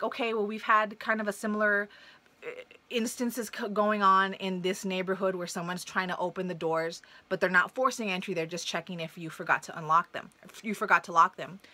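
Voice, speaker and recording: A woman's voice: medium pitch, no room sound. A young woman casually telling a personal story to camera, blunt and profane, acting out the voices of people in it. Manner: blunt and profane, animated retelling. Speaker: vlogger.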